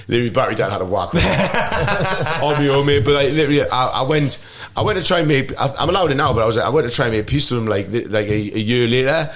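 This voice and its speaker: A man's voice: mid-range voice, sing-song, brisk, fairly bright tone. A man in his thirties with a Geordie accent, rambling through funny stories as a podcast guest and laughing often. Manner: rambling, laughing, lots of "like" and "mate". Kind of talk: casual storytelling. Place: podcast studio. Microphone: studio microphone.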